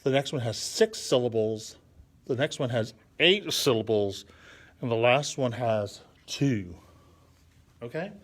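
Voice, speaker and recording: A man's voice: medium pitch, lively intonation, unhurried. A man teaching children a drawing and poetry lesson on a live stream, patiently counting syllables aloud as he thinks and draws. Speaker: art and poetry instructor for kids.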